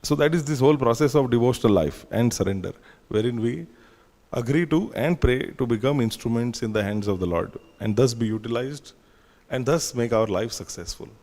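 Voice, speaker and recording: A man's voice: mid-range voice, brisk, darkish tone. A man giving a scripture class, retelling stories with frequent fillers and restarts. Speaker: class speaker at a temple. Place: temple hall. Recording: long hall reverb.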